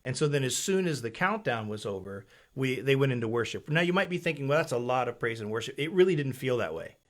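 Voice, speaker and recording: A man hosting a casual church live stream, chatty, with halting restarts and easy laughter. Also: mid-range voice, lively intonation. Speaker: church webcast host.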